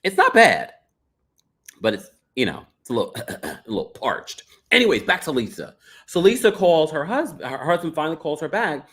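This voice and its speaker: Host, male, chatty recap, lively swooping pitch, plays the cast in quick bits. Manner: animated, dramatic impressions of cast members. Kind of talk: casual recap chat reading super chats.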